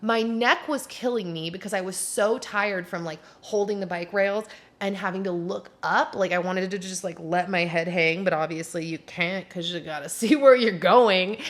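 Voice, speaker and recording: A woman's voice: medium pitch, normal speed. Chatty young woman vlogger. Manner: chatty, animated, many "like" fillers, squeals on quoted lines. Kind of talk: casual storytelling to camera.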